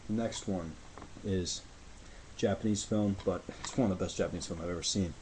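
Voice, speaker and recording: Low-voiced excitable man reviewing films. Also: fairly quick, noisy background. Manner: rambling, excitable, gushing. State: out of breath. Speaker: video reviewer. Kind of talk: casual movie review vlog.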